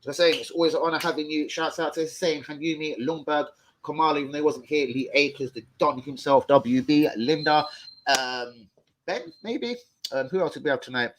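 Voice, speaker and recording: Excitable young man. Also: fairly high pitch, a little fast, a little hiss or hum. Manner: excitable slang-heavy banter, swearing. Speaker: livestream host. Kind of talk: casual live stream chat.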